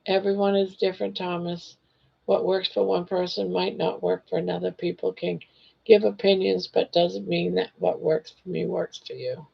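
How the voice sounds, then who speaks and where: An older woman talks in a gentle, reassuring way as she chats with viewers. Her low voice is gravelly and husky, and she is hoarse from losing her voice. The audio is dull and lo-fi, like a home livestream. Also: fairly even intonation, normal speed. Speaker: livestream host. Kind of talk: casual chat reading viewer comments.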